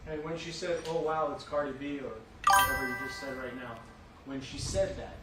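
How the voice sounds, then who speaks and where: A man's voice: mid-range voice, fairly even intonation, a little fast, over loud music. A man cross-examining a witness in court with pointed, leading questions. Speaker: attorney. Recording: distant courtroom mic, very echoey and noisy.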